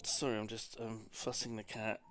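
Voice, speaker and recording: A man chatting casually and swearing now and then while he plays a game on stream, turning soft and cooing when he talks to his cat. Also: lowish voice, flat delivery, normal speed, soft background music. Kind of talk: casual gameplay commentary.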